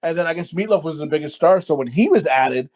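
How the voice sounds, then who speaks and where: A man co-hosting a casual podcast chat, crude, rambling and excitable, often talking over others. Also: fairly high pitch, fast. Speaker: podcast co-host.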